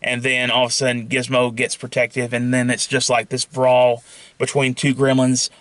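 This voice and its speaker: A man's voice: mid-range voice, monotone, moderate pace, fairly bright tone, dry recording. Rambling young man, dry close sound. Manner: rambling, many fillers and restarts. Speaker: YouTuber pitching a film idea. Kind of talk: casual rambling monologue.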